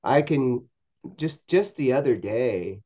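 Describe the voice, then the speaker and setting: A man with a mellow, relaxed voice tells a story as a podcast guest. He talks haltingly, repeating words and restarting. The sound is a little dull and lo-fi. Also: medium pitch. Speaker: podcast guest, paranormal investigator. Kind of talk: storytelling anecdote in a podcast interview.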